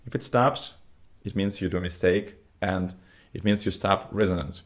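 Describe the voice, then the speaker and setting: A man's voice: low voice, normal speed. A man teaching a singing lesson as a vocal coach, explaining patiently step by step in slightly phrasing.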